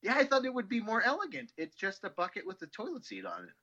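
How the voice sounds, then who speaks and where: A man's voice: high-pitched, huge pitch swings, pushed and bright. Easygoing man on a dull, lo-fi line. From Midwestern United States. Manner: easygoing, agreeable, quick to laugh along. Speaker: podcast co-host. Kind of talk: casual chat.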